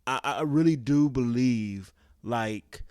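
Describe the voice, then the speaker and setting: A young man speaks in a middle-pitched voice, preaching his opinions to the camera with rising fervor and rhetorical questions. The sound is close and dry with no room echo. His delivery has the cadence of a street-corner sermon. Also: takes it slowly, darkish tone, smooth. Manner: passionate, preachy, keeps asking "guess what?". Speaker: commentary vlogger.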